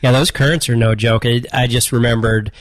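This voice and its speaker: A middle-aged man, a swim coach guest on a podcast, talking in a relaxed, steady way. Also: mid-range voice, fairly quick, no room sound. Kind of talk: casual interview chat.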